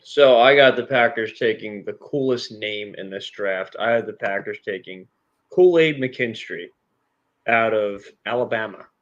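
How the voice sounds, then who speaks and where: Laid-back low man on a dull mic. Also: a little slow. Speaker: podcast co-host. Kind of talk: casual sports podcast chat.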